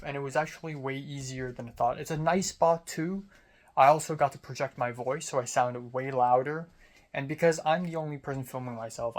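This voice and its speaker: Rambling young man, candid vlog. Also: medium pitch. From Hong Kong. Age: young adult. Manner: rambling, filler-heavy, candid and self-deprecating. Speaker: vlogger. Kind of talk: casual diary-style vlog. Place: outdoors on a college campus.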